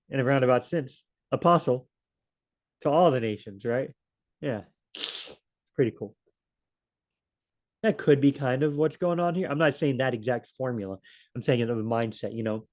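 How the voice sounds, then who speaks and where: A man with a mid-range, darkish voice leads a casual Bible study. He rambles, corrects himself as he goes, and acts out quoted lines in different voices.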